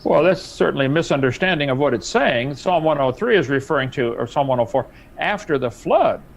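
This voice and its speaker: A man debating on a live stream, emphatic and insistent, his pitch jumping up when he presses a point and chuckling as he mocks the other side. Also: lively intonation, brisk, gravelly, rough recording. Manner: chuckling, relishes mockery. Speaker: debate guest.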